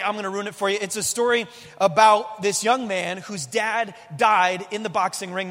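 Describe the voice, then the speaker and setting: A male pastor with a fairly high voice delivers a sermon that moves between hushed prayer and animated storytelling. His words ring out with a long reverb from the church hall around him. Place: church auditorium.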